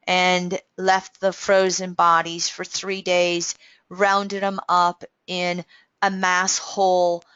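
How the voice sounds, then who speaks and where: An American woman astrologer giving a yearly forecast in an earnest, unhurried way, often correcting herself. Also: lowish voice, a bit bright, clean tone, no echo, muffled recording. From United States.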